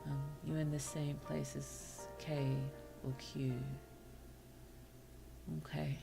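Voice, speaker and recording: A woman streamer reading short stories aloud to her chat, slow and careful, with apologetic asides between passages. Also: sits low, flat delivery, vocal fry, music in the background. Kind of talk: story reading on a livestream.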